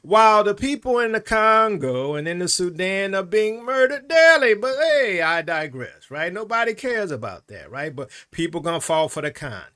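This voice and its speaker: A man giving opinionated commentary in an animated, sarcastic way, often tagging lines with "right?". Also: sits high, normal speed, few pauses, clear, resonant tone.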